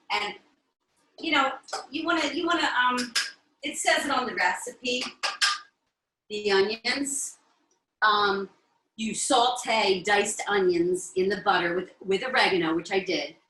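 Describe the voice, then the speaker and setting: A woman's voice: medium pitch, measured pace, a bit bright, roomy sound, poor audio. Chatty Italian-American woman cooking live. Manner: chatty, checks in with viewers often. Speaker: cooking show host. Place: home kitchen.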